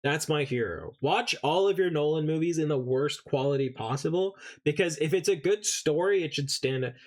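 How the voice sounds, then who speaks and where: Man streaming, casual chat, profane rants, slightly high voice. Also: normal speed. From England. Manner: profane, animated ranting.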